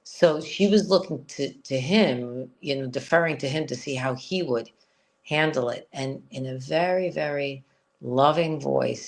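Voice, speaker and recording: A woman's voice: a bass voice, measured pace, gravelly. A woman as an interview guest, telling a personal story in a frank, rambling way with lots of "you know.".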